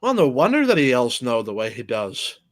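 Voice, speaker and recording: A young man riffing casually on a video with a co-host, excitable and swearing, repeating words as he goes. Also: mid-range voice, a little fast, no echo.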